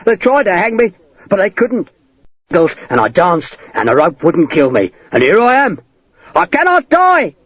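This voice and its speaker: Casting: male narrator doing a twitchy madman soldier, shrill and hysterical, in a dry close audiobook read. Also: very animated, moderate pace, husky, no room sound, heavily acted.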